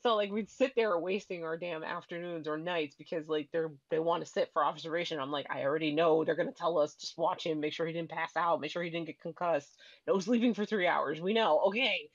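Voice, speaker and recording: A woman in her thirties tells family stories in an animated way and jumps into the voices of the people in them. Her voice sits in a middle range. The sound is dry and a little dull, with no room echo. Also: deep voice, a little fast, few pauses. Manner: animated storyteller who acts out family voices. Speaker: podcast guest. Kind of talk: casual chat.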